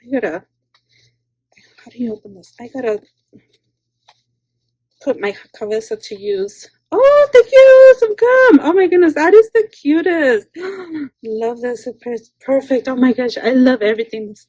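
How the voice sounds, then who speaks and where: A high-pitched woman in casual unboxing chat, her voice mellow and warm rather than bright. She gushes over each item, thanks the sender again and again, and swings between loud excitement and soft asides. The sound is dry and close, with little room around it. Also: measured pace, long pauses, no echo. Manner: gushing, repeats exclamations, thanks the sender often. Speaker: craft channel host.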